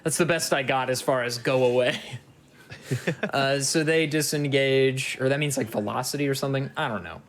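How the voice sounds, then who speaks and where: A man runs a tabletop game as dungeon master, his voice sitting at an ordinary mid pitch. He narrates loosely, packing his lines with fillers. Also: steady tone, normal speed, a bit bright, a little hiss or hum.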